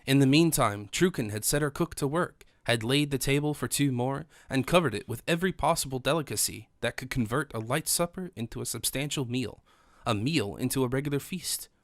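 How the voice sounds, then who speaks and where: A man narrates a classic adventure novel in a steady, measured reading. His voice sits in a middle pitch. The recording is dry and close, with no room sound. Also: no room sound. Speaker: audiobook narrator. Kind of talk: scripted narration.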